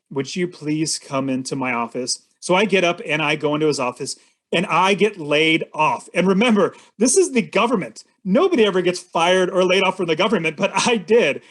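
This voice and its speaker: A man's voice: on the high side, a bit bright. A man in his forties, a podcast guest and real estate investor, telling a personal story in an earnest, suspense-building way and talking straight to the host. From California, US.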